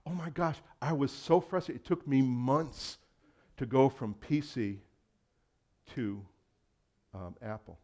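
A man's voice: mid-range voice, slow, long pauses, a little mellow. A male pastor giving a conversational sermon, acting out quoted voices and laughing often.

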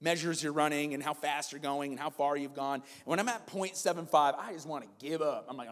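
A pastor in his forties preaching a sermon, moving between loud, emphatic preaching and quiet, conversational storytelling. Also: on the high side, a little fast, few pauses, big-room sound. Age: 40s.

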